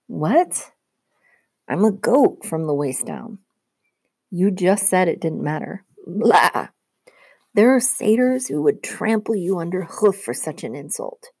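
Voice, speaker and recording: A woman voicing a nervous, loyal teenage boy satyr who is quick to take offense, talking in a hurried, indignant way. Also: on the low side, animated, creaky, mellow, husky, no echo, full character voice. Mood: irritated.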